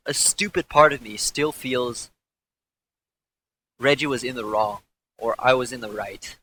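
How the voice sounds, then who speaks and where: Bright-voiced young man telling a story, rambling. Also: mid-range voice, measured pace, long pauses, low-quality recording. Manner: rambling, profane, frequent restarts. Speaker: former pro gamer. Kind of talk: candid interview storytelling.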